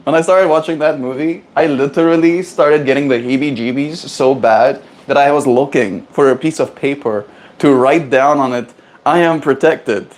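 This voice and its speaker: A man of ordinary pitch hosting a casual daily livestream. He talks in a loose, playful way. He jokes around and greets viewers by reading their comments aloud. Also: normal speed. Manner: playful, jokey, reads out chat comments. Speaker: livestream host. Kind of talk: casual chat.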